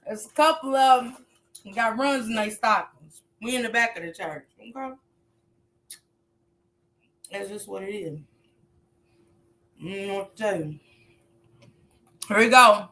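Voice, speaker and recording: A woman's voice: mid-range voice, unhurried, pauses often, pushed and bright, a little hiss or hum. A woman hosting a casual livestream, talking straight to her chat in a loose, joking and profane way. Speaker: livestream host.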